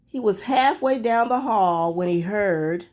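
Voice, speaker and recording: Teacher, woman, storybook reading lesson; unhurried, sing-song delivery. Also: medium pitch. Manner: expressive, with thinking-aloud pauses.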